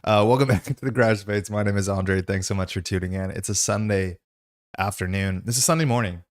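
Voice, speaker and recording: A man hosting a live stream in casual chat, talking in a rambling, chatty way with a hoarse voice that is still recovering from losing it. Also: on the low side, fairly quick, no echo, clean studio sound. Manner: rambling and chatty, many "like" fillers. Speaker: stream host.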